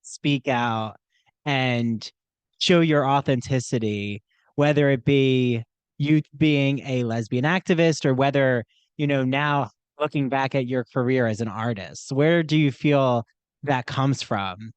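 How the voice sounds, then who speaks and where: A man hosting a podcast, asking long questions with halting pauses. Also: mid-range voice, clean tone, no echo. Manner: halting, searching for words. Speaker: podcast host. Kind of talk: interview questions.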